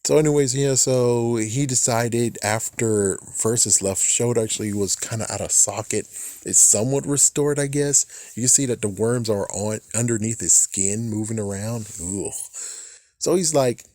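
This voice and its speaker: A man's voice: normal speed, dark tone, no echo, clean studio sound. Swearing, ranting male fan reviewer. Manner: ranting, swears a lot, mocks characters; mimics characters' lines in a higher voice. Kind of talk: casual episode recap.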